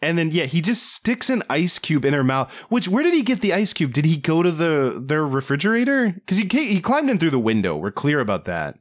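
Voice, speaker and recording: A man co-hosting a casual movie review podcast, riffing with animated disbelief. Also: on the high side, brisk, few pauses. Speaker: podcast co-host.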